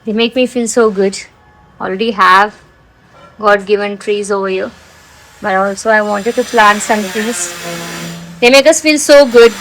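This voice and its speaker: A woman's voice: fairly high pitch, a little slow, fairly bright tone, slight background noise, low-quality recording. A young woman with an Indian English accent, chatting casually to viewers in a home vlog while coaxing her toddler around the house and garden. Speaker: vlogger and mother.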